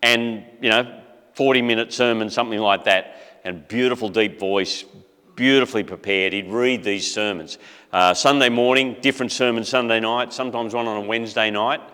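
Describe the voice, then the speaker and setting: Man, middle-aged, bright tone, easygoing talk with asides, long hall reverb. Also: on the low side, moderate pace, clean tone. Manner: casual and conversational, with many fillers and asides. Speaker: speaker. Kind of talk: storytelling talk.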